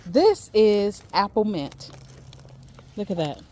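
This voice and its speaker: Slow-talking woman on a garden tour. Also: medium pitch, big pitch swings. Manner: warm, faith-filled, chatty and repetitive. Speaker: gardening vlogger. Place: outdoors in a backyard garden.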